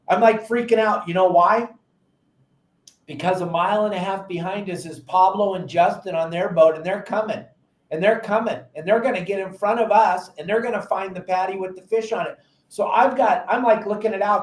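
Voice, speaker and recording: High-voiced, lively fishing show host. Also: male voice, brisk, roomy sound. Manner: animated storyteller, acts out frantic quotes. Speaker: podcast host and fishing captain. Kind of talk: casual fishing advice talk.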